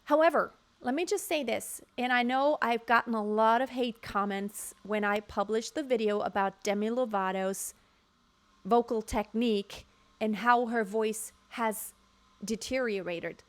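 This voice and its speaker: A woman's voice: a little high, unhurried. Frank, emphatic woman vocal coach. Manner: frank, emphatic, sings short demonstrations. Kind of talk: casual video commentary. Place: home room near construction noise.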